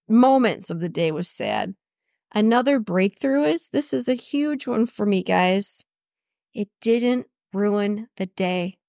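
A woman's voice: medium pitch, creaky, darkish tone, no echo, clean studio sound. A middle-aged woman hosting a personal podcast, talking emphatically, repeating her key phrases and laughing often. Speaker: podcast host. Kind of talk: personal solo podcast talk.

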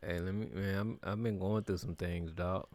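A man's voice: deep voice, steady tone, normal speed, a little mellow, no echo. A man in a laid-back, jokey casual chat, talking in slang.

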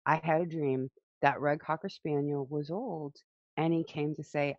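A woman's voice: low voice, steady tone, moderate pace, dry recording, highs cut off. A woman in casual conversation, telling personal stories with feeling and frequent laughter. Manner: emotional, laughs often, tells stories.

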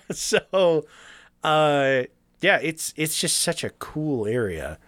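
A man's voice: on the high side, big pitch swings, extremely slow, a bit bright, dry recording. Young male podcast co-host, profane storyteller, dry close mic. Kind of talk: casual podcast chat.

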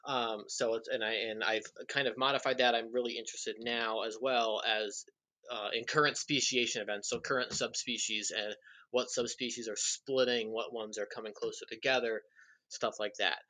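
A man's voice: medium pitch, fairly even intonation, normal speed, sharp tone. A young man in casual chat, explaining things with eager enthusiasm. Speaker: podcast guest.

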